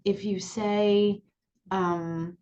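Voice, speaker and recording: A woman sexuality educator speaking calmly and clearly to the camera, repeating her key points. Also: mid-range voice, extremely slow, muffled recording, slight background noise. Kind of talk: direct-to-camera lesson. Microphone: looking into camera, on-camera mic.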